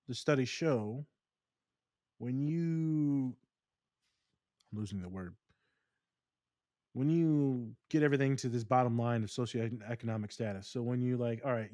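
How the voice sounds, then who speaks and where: A man co-hosting a podcast, talking casually and telling stories in long, animated rants. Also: medium pitch, dry recording. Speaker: podcast co-host.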